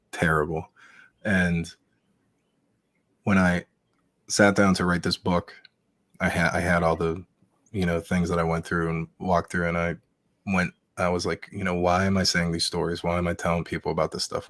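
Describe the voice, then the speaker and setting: A man with a very deep voice speaks as a podcast guest. He is emotional and candid and swears without holding back. The sound is dry with no room echo. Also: a bit bright. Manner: heartfelt and emotional, swears freely. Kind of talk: candid interview talk.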